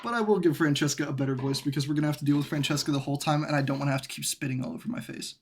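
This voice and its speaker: A woman's voice: low-pitched, rapid-fire, a little hiss or hum. A woman casually commenting while streaming a game, playful and laughing, swearing freely.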